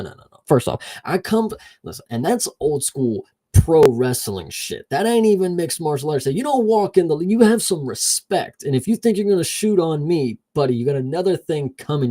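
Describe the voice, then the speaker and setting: Mellow-voiced man recapping a show, animated. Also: fairly high pitch. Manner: animated, profane, acts out scenes in quick voices. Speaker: podcast co-host. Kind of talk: casual show recap chat.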